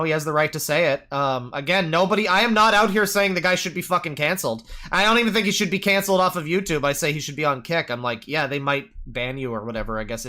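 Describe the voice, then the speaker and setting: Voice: mid-range voice, a bit bright. A streamer reacting live to a video, ranting in an exasperated, profane way.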